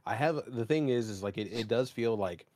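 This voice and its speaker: A man's voice: mid-range voice, animated, a little fast, darkish tone, dry recording. A man co-hosting a gaming podcast, telling stories loosely with fillers and some swearing. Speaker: podcast co-host. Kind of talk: casual chat.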